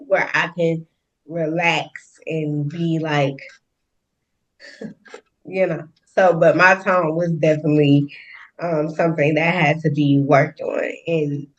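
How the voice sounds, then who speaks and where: Expressive woman guest on a distant mic. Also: low voice, dull audio. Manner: expressive, laughs often, emphatic rises. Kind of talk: candid conversational interview.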